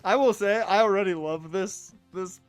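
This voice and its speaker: A man's voice: high voice, moderate pace, smooth, no echo, soft background music. A man streaming a video game, making joking, sarcastic casual commentary. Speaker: let's play streamer.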